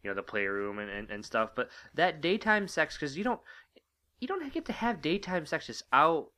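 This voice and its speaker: A man co-hosting a casual talk show, talking in halting bursts full of fillers and restarts. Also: a little high, big pitch swings, sharp tone. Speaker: podcast co-host. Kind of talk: casual chat.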